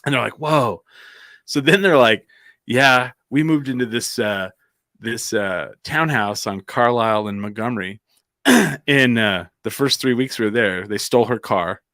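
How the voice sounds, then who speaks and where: A man's voice: mid-range voice, measured pace, fairly bright tone, no room sound, studio quality. A man from Albuquerque telling a casual anecdote on a comedy podcast, rambling with plenty of "like" and restarts. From Albuquerque, New Mexico.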